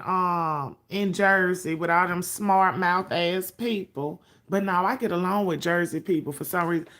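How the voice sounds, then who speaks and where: A woman's voice: fairly low pitch, fairly bright tone. Woman livestream host, sassy, profane, chatty. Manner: sassy, profane, greets viewers by name. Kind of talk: casual livestream chat.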